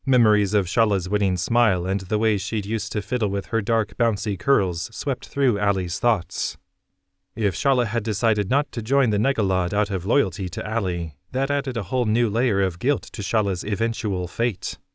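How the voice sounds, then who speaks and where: A man narrating a fantasy novel in an even, measured way. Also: on the low side, no echo, clean studio sound. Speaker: audiobook narrator.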